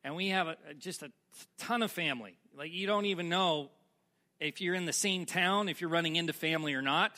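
A man's voice: on the high side, brisk, pushed and bright. A man preaching a sermon to a congregation, telling a personal story in a conversational way and asking the audience questions. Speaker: pastor.

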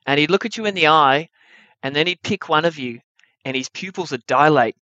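A young man telling a true adventure story at a live story slam, wry and animated, with comic timing. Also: fairly high pitch, brisk, no echo, dull audio.

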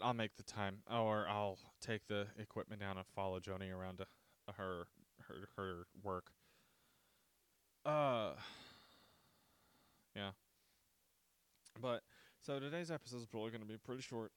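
A man's voice: on the low side, steady tone, measured pace, pauses often, fairly bright tone, clean tone, no echo. Solo podcast host, male, dry close sound, loose rambling delivery with profane jokes. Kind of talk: casual solo podcast chat.

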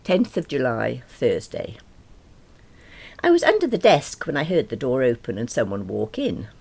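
A woman's voice: extremely low pitch, very animated, normal speed, creaky, a little mellow, slightly rough. A woman reading a diary novel aloud, wry, dry and self-deprecating.

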